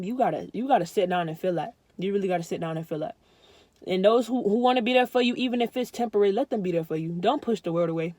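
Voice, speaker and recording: A woman's voice: medium pitch, darkish tone, no echo. A young woman vlogging candid advice in a blunt, emphatic, heartfelt way, swearing freely and using lots of slang.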